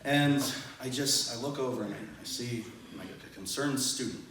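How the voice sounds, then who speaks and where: A man's voice: mid-range voice, normal speed, heavy background noise. Teacher guy doing live storytelling, jokey, laughs a lot, super echoey room, kinda far from the mic. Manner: animated, self-deprecating, laughs often. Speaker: teacher telling a story on stage. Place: event venue with audience, large room.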